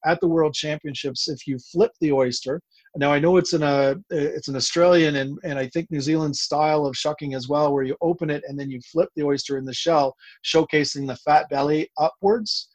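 A man's voice: fairly high pitch, steady tone, a little fast, no room sound. Chatty man explaining oysters. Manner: enthusiastic, explanatory, restarts often. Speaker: oyster expert guest. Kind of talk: casual interview talk.

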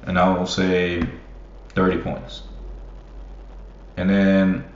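A man's voice: sits low, completely flat delivery, slow. A young man rambling as a basketball fan in casual solo commentary, swearing freely and laughing often. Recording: roomy, muffled, faint hiss.

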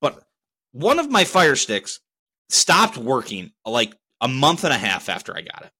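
A man's voice: medium pitch, huge pitch swings, unhurried, sharp tone, breathy edge. A young man hosting his own solo podcast, talking casually in a rambling, profane, heated way. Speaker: podcast host.

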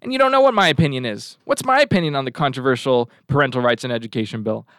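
A man's voice: medium pitch, animated, fast talker, a bit bright, no echo, clean studio sound. A male talk show host giving a rambling, sarcastic commentary monologue and throwing asides to his crew. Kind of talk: casual political commentary monologue.

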